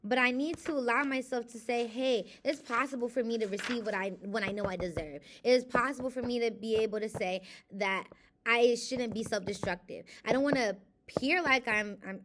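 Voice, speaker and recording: In a bright-ish, mid-range voice, a young adult woman switches between reading passages from a self-help book and speaking frankly to camera about her feelings. It's a casual confessional vlog, emotional and candid.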